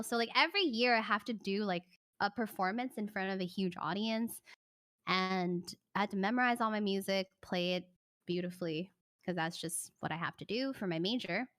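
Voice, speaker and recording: Bright-voiced young woman telling a story. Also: mid-range voice, dry recording, studio quality. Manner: animated, chatty storytelling, breaking off to thank viewers. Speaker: livestreamer. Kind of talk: casual storytelling chat.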